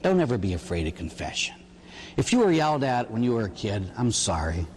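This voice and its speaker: A middle-aged priest from the Pittsburgh area giving a homily on confession, telling stories and acting out penitents with a rhetorical "huh?". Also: male voice, fairly low pitch, fairly quick, long reverb tail, slight background noise. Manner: animated storytelling, acts out penitents and God with rhetorical "huh?".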